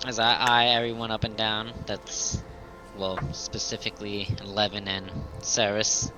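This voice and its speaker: A wry, self-assured male player at a tabletop session. He speaks in a mid-range voice, often low and quiet, with faint music behind him. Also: monotone, a little slow, low-quality recording. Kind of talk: casual tabletop play.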